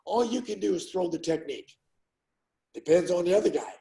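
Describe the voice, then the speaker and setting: This former fighter, now older, has a high voice with vocal fry and a brisk delivery, heard on a rough recording. Chatting casually in an interview, he spins stories and loudly performs other people's lines.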